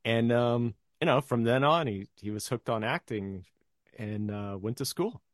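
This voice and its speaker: A man's voice: medium pitch, a little slow, no room sound, studio quality. A man chatting as a podcast guest, telling anecdotes and acting out the quoted voices. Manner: storytelling, acts out quoted voices. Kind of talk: casual podcast chat.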